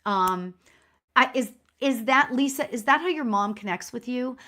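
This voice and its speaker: This woman, a spiritual medium, gives a live online reading in a fairly high voice with lively intonation at a normal speed. She sounds chatty, warm and encouraging toward her viewers, with lots of "you know" fillers.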